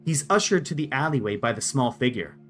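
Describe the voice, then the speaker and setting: A man serving as game master, narrating scenes in a steady, descriptive way. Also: medium pitch, brisk, soft background music.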